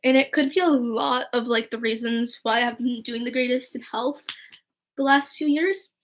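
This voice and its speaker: Young woman, high voice, casual storytelling, rambling, chatty, quotes dialogue. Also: fairly even intonation, normal speed. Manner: chatty and rambling, with frequent "like" and "right?"; quotes people in dialogue while telling stories. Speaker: vlogger.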